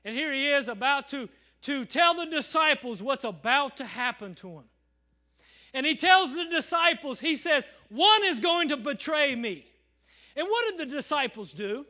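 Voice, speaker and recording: High, bright-voiced preacher with dramatic swings. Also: male voice, very animated, normal speed. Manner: dramatic swings from loud calls to hushed near-whispers; acts out congregants in quoted voices, asks the crowd "Amen?". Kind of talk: sermon. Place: church service.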